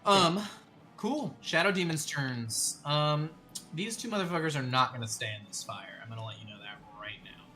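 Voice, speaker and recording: A man's voice: fairly high pitch, animated, normal speed, over music. A man running a tabletop game as game master, casual and swearing, with many ums.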